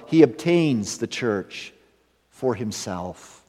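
Slow-preaching man in a reverberant hall. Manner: measured preaching that swells to emphasis and drops to hushed low endings. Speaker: pastor. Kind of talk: sermon.

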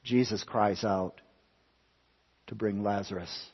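A man preaching a sermon in a dramatic way, dropping to hushed tones and then building to loud, emphatic peaks. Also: lowish voice, steady tone, slow, breathy edge. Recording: long hall reverb, dull lo-fi sound.

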